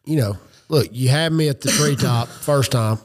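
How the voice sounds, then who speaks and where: A man's voice: medium pitch, normal speed. A man hosting a podcast, mostly giving short casual responses and questions. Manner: brief encouraging responses, casual "bro". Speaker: podcast host. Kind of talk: casual interview.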